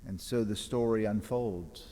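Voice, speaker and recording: Fairly low-pitched and warm, this priest's voice moves at a measured pace through a homily. He retells the gospel with drama, performing its voices and quotes, while the church adds a long reverb.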